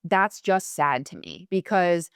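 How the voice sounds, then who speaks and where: On her podcast, a young woman chats casually with passion, speaking quickly and using lots of fillers. Her lowish, smooth voice swings widely in pitch, recorded to studio quality with no room sound.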